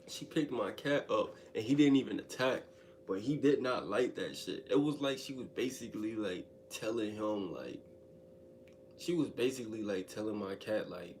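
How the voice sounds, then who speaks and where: Slangy low-voiced man telling a story. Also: normal speed, slight background noise. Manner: slangy, animated, addresses listeners directly. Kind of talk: casual storytime monologue.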